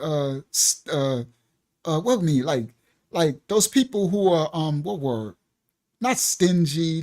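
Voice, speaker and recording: An older man hosting a casual livestream, reading viewer comments aloud, laughing often and searching for words with plenty of fillers. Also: fairly high pitch. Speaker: livestream host. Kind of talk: casual live-stream chat.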